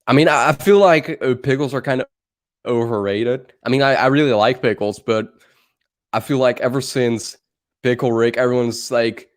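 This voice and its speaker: Speaking at a normal speed in a mid-range voice, this young man with a Dutch accent chats casually as a livestream co-host. He's from the Netherlands and drifts along, laughing and cursing.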